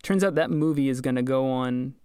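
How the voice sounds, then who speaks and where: A man's voice: medium pitch, fairly quick, warm tone, clear, resonant tone, no room sound. Chatty wry man, dry close mic. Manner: chatty, wry, laughs often. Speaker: podcast host. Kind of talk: casual storytelling chat.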